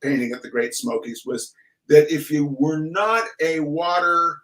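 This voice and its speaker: A man's voice: fairly high pitch, a little slow, fairly bright tone, reverberant, poor audio. Chatty man hosting an art talk. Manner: chatty, repeats words when starting. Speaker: podcast host.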